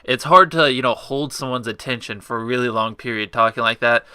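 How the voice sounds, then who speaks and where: A man's voice: mid-range voice, level tone, fairly quick, sharp tone, smooth, dry recording. A young man judging entries in an online video contest, talking casually with frequent ums and restarts. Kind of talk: casual unscripted judging commentary.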